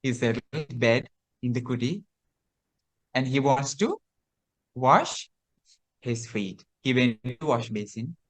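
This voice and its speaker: Slow-spoken man giving a sermon. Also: medium pitch, animated. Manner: slow, repetitive, with hesitant restarts. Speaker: Buddhist monk teacher. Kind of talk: storytelling sermon.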